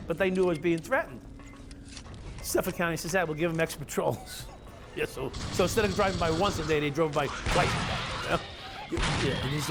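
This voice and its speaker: Heavy background noise surrounds the somewhat high voice of a middle-aged ex-cop recounting his own experiences. His candid storytelling is blunt, confessional and full of profanity, with music playing.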